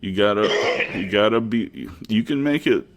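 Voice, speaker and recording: A laid-back man co-hosting a podcast, talking casually and mostly agreeing with short replies. His voice is very low, and he speaks slowly and unhurriedly. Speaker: podcast co-host.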